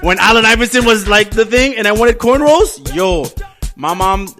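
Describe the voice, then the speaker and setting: Playful high-voiced man co-host. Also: lively intonation, normal speed, fairly bright tone, soft background music. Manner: playful, jokey storytelling. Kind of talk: casual radio chat.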